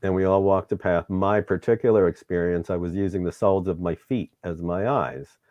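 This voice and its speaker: A man's voice: low voice, normal speed, no echo, lo-fi sound. A middle-aged man, host of the show, candidly recounting a personal story in an interview and acting out the dialogue, sometimes getting emotional.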